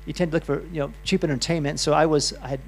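A man's voice: on the high side, steady tone, rapid-fire, slight background noise. A middle-aged man giving a loose, chatty health talk to a live audience, full of restarts and asides. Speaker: health speaker.

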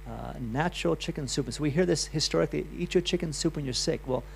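A man's voice: on the high side, quick pace, creaky, slight background noise. A middle-aged man giving a loose, chatty health talk to a live audience, full of restarts and asides. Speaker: health speaker.

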